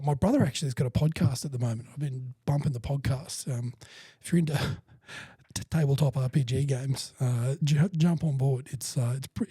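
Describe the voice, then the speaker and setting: Sweary man, husky and dry. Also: on the high side, warm tone, dry recording. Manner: sweary, rambling storyteller. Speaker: podcast co-host. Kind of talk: casual chat.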